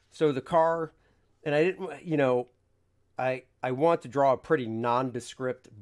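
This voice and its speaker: A man, a comic artist, chatting casually on a livestream, rambling, reading viewer questions aloud and acting out his panels. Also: medium pitch. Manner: rambling, reads chat aloud, acts out panels.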